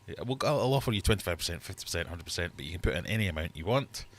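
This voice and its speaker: Rapid-fire and animated, this low-sitting male voice belongs to a middle-aged man running a laid-back livestream quiz from his fish room. He keeps things chatty and jokey while reading questions and scores aloud.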